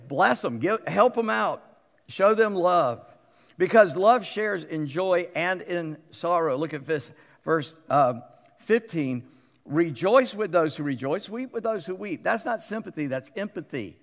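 Middle-aged guy preaching, kinda high voice with grit, chatty and animated, acts out little quotes, long church echo. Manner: conversational and animated, acting out quotes with humorous asides. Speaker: pastor. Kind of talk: sermon. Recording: long reverb of a large hall.

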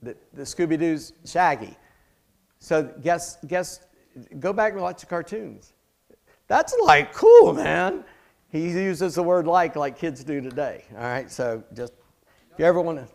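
A man's voice: a little high, moderate pace, a little mellow. A middle-aged man preaching a sermon in a conversational way, with chatty asides and jokes. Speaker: pastor.

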